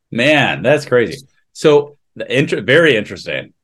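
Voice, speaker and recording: Lively-pitched male podcast co-host. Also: a little slow, slightly rough. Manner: reactive, frequent "yeah, yeah" backchannels. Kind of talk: casual chat.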